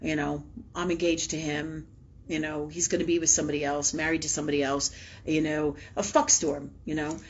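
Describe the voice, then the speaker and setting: A woman's voice: deep voice, level tone, a little fast, a little hiss or hum. A woman hosting a spiritual live talk show, chatting candidly, swearing freely, laughing often and ending lines with "right?". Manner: laughs often, acts out her own past words. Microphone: livestream mic. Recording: dull lo-fi livestream audio.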